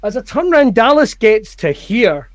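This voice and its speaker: Animated Scottish man telling a story. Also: extremely high pitch, moderate pace. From Scotland. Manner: animated, acts out quotes in raised voices, swears, laughs. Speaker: podcast guest, comedian. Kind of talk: casual storytelling.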